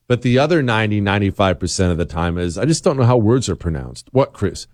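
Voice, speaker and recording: A man hosting a radio talk show, sarcastic and mocking, with sudden jumps into a high voice. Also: very animated, fast, darkish tone, no echo, clean studio sound. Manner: sarcastic, mocking, swings into high-pitched outbursts. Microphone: studio microphone.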